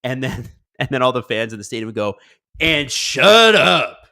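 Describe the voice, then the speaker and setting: A man hosting a live watch-along stream, reading chat and reacting loudly to the game, dropping into mumbled asides. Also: mid-range voice, quick pace. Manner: excitable, swings from mumbled asides to loud outbursts.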